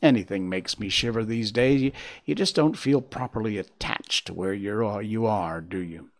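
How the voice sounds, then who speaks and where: A man's voice: on the low side, moderate pace, lightly acted. A man voicing an anxious, gloomy male oak leaf in a storybook reading, sighing and at times whispering. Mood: worried. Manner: sighing, worried, sometimes whispering.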